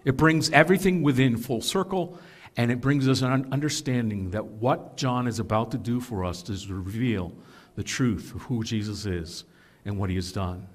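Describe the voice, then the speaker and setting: A man's voice: mid-range voice, normal speed. A man preaching to his congregation, teaching earnestly and with emphasis, with self-corrections and casual asides. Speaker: pastor. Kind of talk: sermon.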